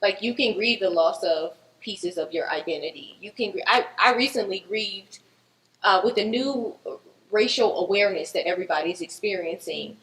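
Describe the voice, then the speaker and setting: A woman talking earnestly in a group discussion, reflective and slowing on the points that matter to her. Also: mid-range voice, fairly bright tone, poor audio.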